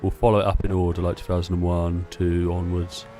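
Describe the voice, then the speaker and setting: A man's voice: low-pitched, monotone, fairly quick, warm tone, a little hiss or hum. A man chatting casually to himself while playing a racing game. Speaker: gameplay streamer. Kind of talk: casual gameplay commentary.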